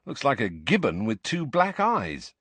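A cheeky teenage boy cracks jokes in a lively, playful voice, as a man puts him on. His pitch swings widely from line to line. The recording is dry and close. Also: measured pace, no room sound, heavily acted. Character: joking teenage boy, one of twins.

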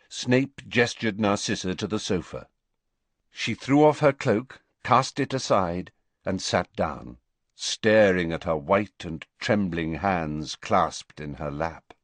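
A man giving an expressive, measured audiobook narration of a story. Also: fairly low pitch, no echo.

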